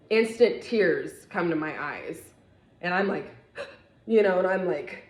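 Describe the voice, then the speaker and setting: A young woman telling a personal story in a casual vlog, animated and acting out the other people in it. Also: lowish voice, slow. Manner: animated, acts out quoted voices. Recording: echoey room.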